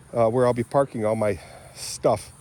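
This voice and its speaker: An older Michigan man vlogs casually as he walks around his property outdoors, rambling, frequently clearing his throat and wandering into asides. His voice is medium-pitched with a darkish tone.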